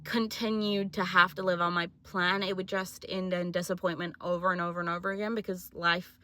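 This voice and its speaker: A woman's voice: fairly low pitch, little pitch movement, a little fast, sharp tone. A twenty-year-old woman with a New Zealand accent, talking in a chatty, self-mocking, jokey way in a casual confessional vlog. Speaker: vlogger.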